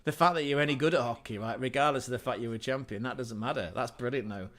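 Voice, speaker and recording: A man's voice: medium pitch, fast talker, fairly bright tone. An English man hosting a livestream, telling a rambling anecdote in casual, sweary speech with frequent self-corrections. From England. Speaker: livestream host.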